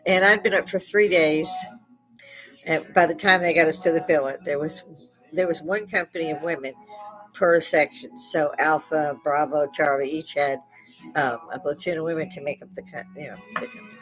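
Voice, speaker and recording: Older woman, host, salty storyteller, laughs a lot, slightly low voice, faint music behind. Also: fairly bright tone, poor audio. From Chicago. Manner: salty, laughs often, swears freely. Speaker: live-stream host. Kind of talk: casual storytelling chat.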